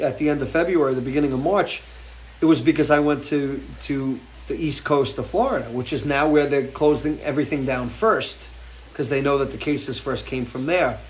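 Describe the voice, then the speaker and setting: A man's voice: medium pitch, a little hiss or hum. Blunt, profane middle-aged man ranting. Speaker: show host. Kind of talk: impassioned live-stream rant. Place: porch, outdoors.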